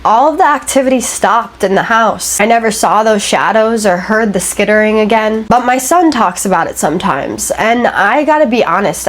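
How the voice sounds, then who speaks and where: A woman's voice: medium pitch, natural voice. A woman voicing a worried young father who tells a family story in first person, with a Southern drawl. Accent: Southern American drawl. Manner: earnest, anxious.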